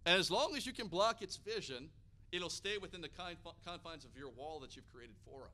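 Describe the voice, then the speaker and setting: An American man preaches with a high, ringing voice that is bright and cutting. He delivers the sermon with energy and often climbs to loud, emphatic peaks. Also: expressive, fairly quick.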